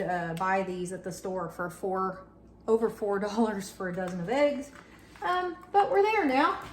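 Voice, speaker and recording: Mom vlogger, thirties, rambling baking chat, echoey kitchen with audible clatter. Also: female voice, fairly high pitch, slight background noise. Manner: chatty, many fillers, talks to her son. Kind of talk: casual chat while baking. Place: home kitchen.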